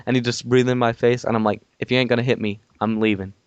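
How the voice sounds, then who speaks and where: A young man calls in from home to tell a long, rambling story, circling back and restarting as he goes. His voice sounds smooth and clear. The audio is dull and muffled, dry with no room sound. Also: mid-range voice, little pitch movement, quick pace, dry recording. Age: young adult. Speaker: podcast co-host. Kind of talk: casual storytelling. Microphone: call-in from home.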